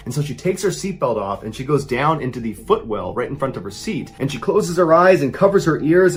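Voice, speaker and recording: A man narrating a true horror story in a suspenseful storytelling style. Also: mid-range voice. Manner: suspenseful, builds tension with rising intensity.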